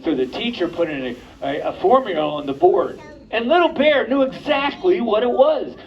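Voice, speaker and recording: A male puppeteer tells a story to young children, his voice slightly high and swooping with lots of movement. He keeps inviting the kids to join in. The recording is muffled. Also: expressive, moderate pace. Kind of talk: storytelling to preschoolers. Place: library program room.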